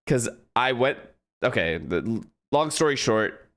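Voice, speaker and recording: A male streamer chatting loosely with his viewers, in a voice of middling pitch. He rambles, jumps between stories and swears casually. His first language is Gujarati. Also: big pitch swings, measured pace, a bit bright. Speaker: streamer hosting a watch party.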